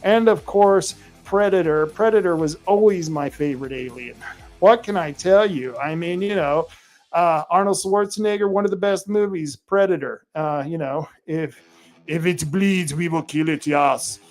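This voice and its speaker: A man's voice: high-pitched, animated, moderate pace, faint music behind. A male podcast host with a rural American accent, talking casually to listeners in a rambling way full of fillers and restarts.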